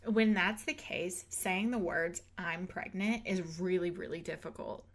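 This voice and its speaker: A woman's voice: fairly low pitch, measured pace. A woman in her twenties, a podcast host, telling a story in casual chat, laughing often and acting out quotes. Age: 20s.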